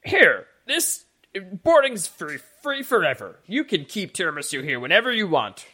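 A man voicing a grateful, excitable stable keeper in a tabletop game, his voice pushed up high and gushing. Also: moderate pace, exaggerated voice. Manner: gushing, high-pitched, overjoyed.

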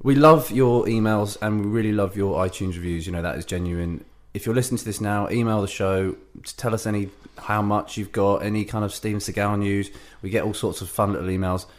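A man's voice: lowish voice, fairly quick, hardly any pauses. A man co-hosting a comedy podcast, chatting eagerly and running the show's announcements. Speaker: podcast co-host. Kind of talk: casual comedy banter.

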